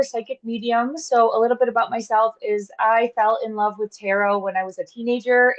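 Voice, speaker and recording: Upbeat woman on a dull-sounding call. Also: on the high side. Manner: upbeat, eager self-presentation. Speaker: guest tarot reader. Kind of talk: self-introduction on a live call. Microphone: video call.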